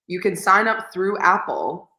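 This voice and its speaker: Bright and forceful, her fairly low voice moves in big pitch swings at a measured pace. This podcast co-host of a casual reading livestream is chatty and rambling, frequently quoting others in put-on voices, recorded on a laggy video call from an echoey room.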